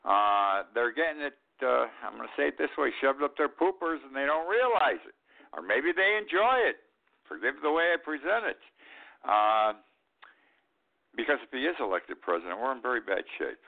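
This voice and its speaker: A man's voice: medium pitch, very animated, moderate pace, vocal fry. An older man hosting a talk show, giving an indignant, emphatic political commentary and repeating his points. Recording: tinny phone-like line.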